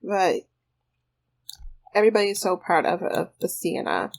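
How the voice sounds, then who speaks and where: A woman's voice: on the low side, very animated, unhurried, gravelly, a little hiss or hum. A woman hosting a life-sim game playthrough, talking through it in a bubbly, chatty way. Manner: bubbly, chatty, lots of fillers. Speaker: gaming video host. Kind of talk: casual let's play commentary.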